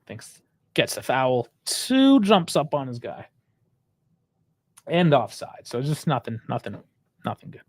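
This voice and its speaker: A man's voice: mid-range voice, sing-song, unhurried, long pauses. A man giving live fan reaction to a football match, angry and frustrated, swearing heavily as he rants about the coach's choices.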